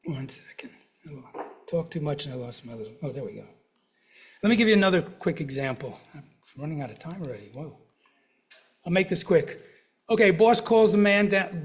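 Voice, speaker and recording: A man's voice: on the high side, expressive, fairly quick, slight background noise. Middle-aged man lecturing a live audience. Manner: conversational, asks the audience questions and uses examples. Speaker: counselor giving a health talk.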